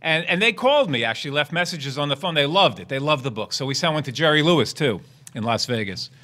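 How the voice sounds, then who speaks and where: A man with a bright, lively voice, a guest on a podcast. He chats casually and tells anecdotes, laughing often as he goes. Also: fairly high pitch, quick pace.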